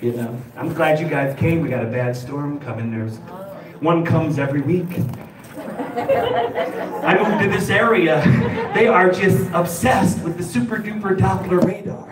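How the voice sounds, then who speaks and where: A man's voice: on the high side, very animated, unhurried. Rambling stand-up comedian man from Chicago. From Chicago, USA. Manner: rambling, restarting, acts out characters. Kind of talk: stand-up set. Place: live comedy show stage. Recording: echoey room, distant mic, crowd. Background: audience laughter.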